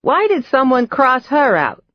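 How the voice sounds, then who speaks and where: A cackling woman in her seventies with a Boston accent, wary and curt as she snaps at visitors through a door. Her voice jumps up high and thin. The recording sounds a little dull and dry. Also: wildly swooping pitch, unhurried, no echo, exaggerated voice. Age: 70s. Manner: curt, suspicious, dismissive. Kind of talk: audiobook character voice.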